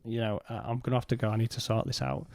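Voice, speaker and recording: A man, a podcast guest, telling a personal story in a halting way and retelling what was said in his own words. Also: mid-range voice, flat delivery, creaky, darkish tone, no echo.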